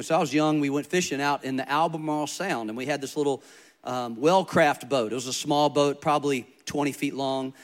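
Emphatic preaching man, higher voice. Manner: storytelling, emphatic repetition. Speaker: pastor. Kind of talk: sermon.

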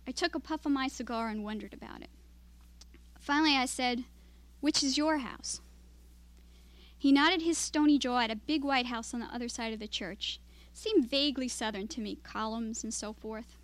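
A woman with a high, light voice reads her own first-person story aloud at a writers' evening. Her delivery is steady and measured, carrying the narration evenly. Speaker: writer reading her work. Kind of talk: reading fiction aloud. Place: literary reading event.

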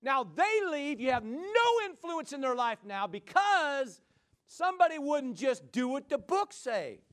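A middle-aged man preaching a sermon as senior pastor, swinging between loud, animated bursts and quiet asides while calling out to the congregation. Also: extremely high pitch, a little slow. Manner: calls out to the congregation.

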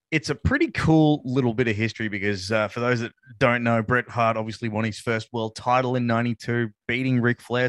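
A man's voice: mid-range voice, dry recording. Chatty man, dry close sound. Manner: rambling, frequent fillers and laughs. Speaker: podcast co-host. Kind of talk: casual chat reviewing wrestling.

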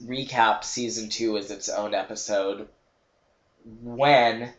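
A man co-hosting a podcast in casual chat, relaxed and rambling with fillers. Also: lowish voice, slow. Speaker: podcast co-host. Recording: roomy, slightly dull home podcast audio.

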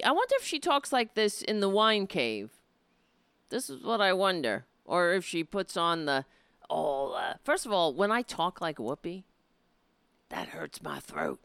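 A woman's voice: lowish voice, creaky, sharp tone, dry recording. A woman hosting a commentary show, mocking and blunt, with profane asides. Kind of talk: sarcastic political commentary.

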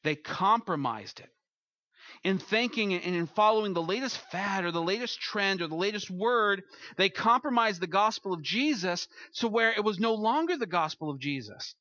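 A man's voice: sits high, animated, moderate pace, bright, forceful tone, no echo, muffled recording. A man preaching a conversational sermon as pastor, who acts out little quoted voices as he goes.

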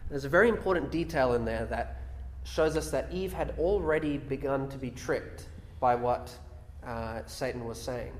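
A man's voice: mid-range voice, fairly bright tone, a little hiss or hum. A man preaching a sermon, reading scripture verses aloud and explaining them with rhetorical questions. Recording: echoey hall with long reverb.

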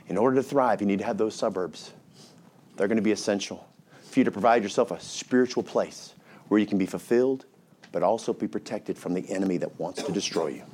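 A man's voice: lowish voice, fast, a little mellow, slight background noise. A male pastor delivering a sermon in a church, full of rhetorical questions and call-and-response with the congregation.

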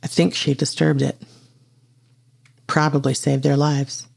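A man's voice: mid-range voice, flat delivery, a little slow, vocal fry, darkish tone, slightly rough, heavily acted. A man doing a laid-back agent. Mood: easygoing. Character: laid-back, easygoing taller male agent.

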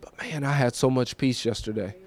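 A man in his thirties preaching a personal testimony in a conversational, emotional way, moving from quiet recollection to raised, emphatic lines. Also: mid-range voice, fairly quick. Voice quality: conversational, emotional, repeats himself. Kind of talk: testimony sermon.

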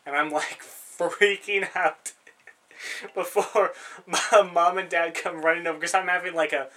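A man's voice: high-pitched, fairly even intonation, measured pace, bright, forceful tone. A man in casual chat, rambling through stories, swearing freely and laughing often.

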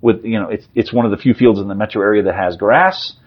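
The audio is dull, and the speaker's pitch fairly low: a man in his fifties, a sportswriter guest in a casual sports interview. He talks fast and unscripted, restarting often and leaning on fillers.

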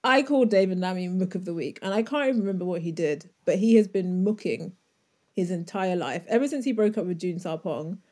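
A woman's voice: on the low side, brisk, mellow. Blunt woman ranting on a podcast. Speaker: podcast co-host. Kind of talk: casual opinionated chat.

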